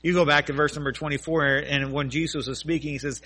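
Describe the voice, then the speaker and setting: Man preaching, fairly high voice, very bright tone, earnest story-driven sermon. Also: normal speed, few pauses, husky. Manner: earnest storytelling, rising to fervent emphasis. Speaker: pastor.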